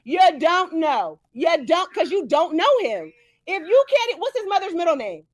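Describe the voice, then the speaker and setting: A woman's voice: extremely high pitch, big pitch swings, a little slow, no room sound. A woman on a livestream, ranting angrily and firing the same questions over and over. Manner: angry, confrontational, repeats questions. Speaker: streamer in an online dispute. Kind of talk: heated livestream rant.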